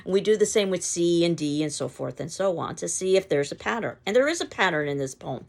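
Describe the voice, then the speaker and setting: Low-voiced woman teaching poetry. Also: gravelly, darkish tone. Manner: reads verse aloud slowly and steadily, explains step by step. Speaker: literature teacher. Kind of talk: recorded lecture on poetry.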